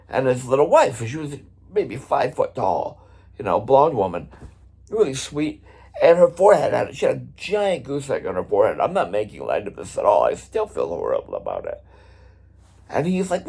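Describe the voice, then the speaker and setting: A middle-aged man with a husky, slightly rough voice tells a story from his touring days. He talks casually and conversationally, and his pitch jumps up and down with lively expression. He drops the odd swear word along the way. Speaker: drummer and vlog host.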